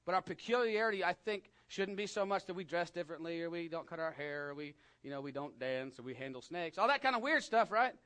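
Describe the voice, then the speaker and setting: A man with a West Texas drawl delivers a sermon in a talky, conversational way. His voice sits a little high for a man. He swings from emphatic peaks down to hushed asides. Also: fast, few pauses. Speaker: pastor.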